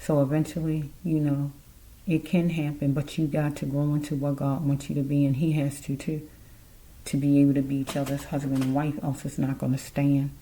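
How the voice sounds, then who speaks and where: A woman's voice: sits low, flat delivery, normal speed, mellow, a little hiss or hum, low-quality recording. A woman giving a casual tarot card reading, rambling and musing aloud as she speaks straight to the listener.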